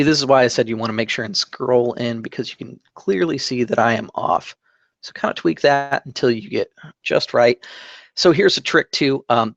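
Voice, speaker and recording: A man hosting a tabletop game channel, calmly explaining a digital map-drawing tutorial step by step, with fillers and self-corrections. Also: medium pitch, vocal fry, dry recording, dull audio. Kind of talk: screen-recorded drawing tutorial. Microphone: desk microphone.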